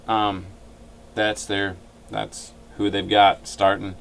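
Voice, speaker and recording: Casual male sports vlogger, fairly deep voice, chatty and opinionated, stumbles through fillers. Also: monotone, takes it slowly, vocal fry, fairly bright tone. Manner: opinionated, rambling with frequent fillers.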